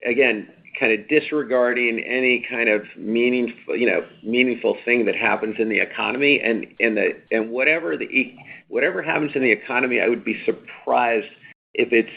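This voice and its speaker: A man's voice: mid-range voice, fairly quick, vocal fry. A man, a company executive, answering analysts' questions on an earnings call in an emphatic, repetitive way, often adding "right?". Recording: tinny phone line.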